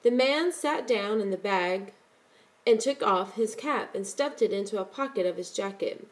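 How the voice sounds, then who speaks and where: Woman narrator for an audiobook; steady, measured reading at a middle pitch. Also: low-quality recording.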